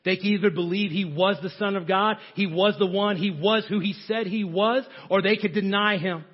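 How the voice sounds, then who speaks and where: A man preaching a sermon, swinging from shouting to hushed near-whispers. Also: high-pitched, steady tone, moderate pace, highs cut off.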